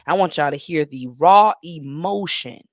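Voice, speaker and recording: A woman's voice: sits low, measured pace, no room sound, clean studio sound. A woman hosting a live-stream gossip commentary in a sassy, mocking way, full of slang. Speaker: livestream commentator.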